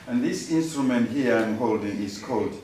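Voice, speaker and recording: With lively intonation and a somewhat mellow, medium-pitched voice, this Shona-speaking man leads call-and-response in a music workshop, patiently demonstrating at a normal speed while the group echoes his words. The distant recording picks up an echoey workshop room and slight background noise.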